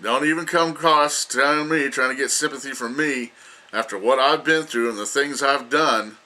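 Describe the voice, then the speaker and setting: A man's voice: mid-range voice, normal speed, pushed and bright. An older man giving an emphatic, lecturing opinion rant as a vlogger, repeating himself for emphasis.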